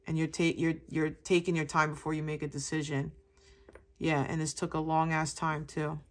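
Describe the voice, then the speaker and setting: Tarot reader, woman, low-pitched voice, casual and chatty delivery with a loose mouth. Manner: chatty, casual, addresses viewers as baby. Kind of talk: casual spoken tarot reading.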